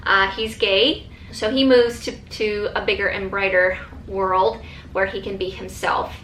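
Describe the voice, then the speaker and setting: Woman vlogger, casual and gushing, bright tone, roomy echo. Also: mid-range voice, flat delivery, measured pace, slight background noise. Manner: enthusiastic, chatty, many fillers and restarts. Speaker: book vlogger. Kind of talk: casual chat.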